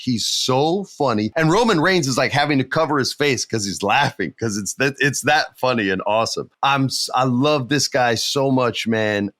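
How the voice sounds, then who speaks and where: A middle-aged man hosting a podcast, chatting excitedly about wrestling and telling animated stories. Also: mid-range voice, dry recording, clean studio sound. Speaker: podcast host. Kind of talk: casual wrestling chat.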